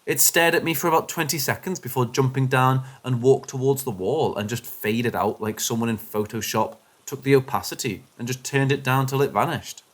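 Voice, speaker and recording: A man giving scripted, expressive narration of first-person paranormal stories, shifting his delivery with the suspense. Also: medium pitch, normal speed, hardly any pauses. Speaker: story narrator.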